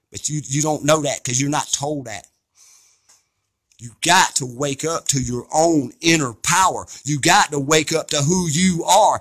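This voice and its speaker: A man speaks in a high, bright voice. He preaches with fire and blunt, profane force, building up to loud peaks and then dropping back. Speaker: activist speaker. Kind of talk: impassioned monologue.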